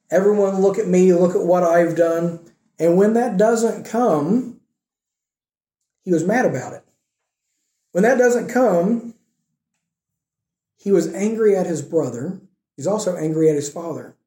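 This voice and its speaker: Male pastor preaching emphatically, mellow tone, echoey room. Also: on the high side. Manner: emphatic preaching with rhetorical questions to the congregation. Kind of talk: sermon.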